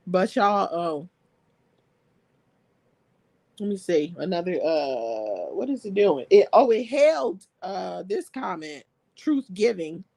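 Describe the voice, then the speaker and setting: A woman's voice: on the low side, big pitch swings, measured pace, vocal fry, warm tone, dry recording. A woman hosting a live stream, chatting casually and reading viewer comments aloud, laughing often.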